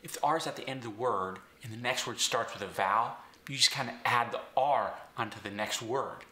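Bright-voiced coach. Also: male voice, medium pitch, a little fast, reverberant. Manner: clear step-by-step instruction. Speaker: accent coach. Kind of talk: instructional explanation.

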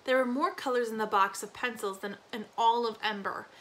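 A woman teacher reads a novel aloud with expressive pacing, lingering on key phrases. Her voice is somewhat high and notably bright. Small slips and restarts show it is read live. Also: a little fast.

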